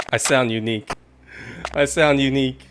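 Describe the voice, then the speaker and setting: A man's voice: mid-range voice, moderate pace. Guy rambling thru a live game stream, mid voice, yelps when spooked, noisy background hiss. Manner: rambling, chatty, jumpy outbursts when startled. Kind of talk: casual live gaming commentary.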